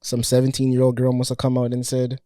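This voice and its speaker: A man hosting a podcast in casual chat, loose and joking and quick to laugh. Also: medium pitch, monotone, dark tone, dry recording, studio quality. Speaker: podcast host.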